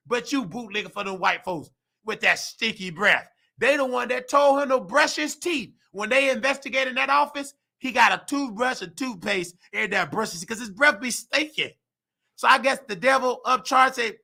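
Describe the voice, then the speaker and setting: A hoarse man hosting his own show, ranting heatedly and preaching to the listener, acting out the people he quotes. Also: high voice, expressive, normal speed, pushed and bright. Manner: preachy, heated, acts out quoted voices, calls listener baby. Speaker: show host. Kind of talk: animated personal rant.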